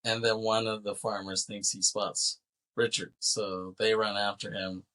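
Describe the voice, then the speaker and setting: A man co-hosting a podcast, casually recapping a film's plot in a rambling, animated way and acting out characters' lines. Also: lowish voice, measured pace, poor audio. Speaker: podcast co-host. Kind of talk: casual movie recap chat.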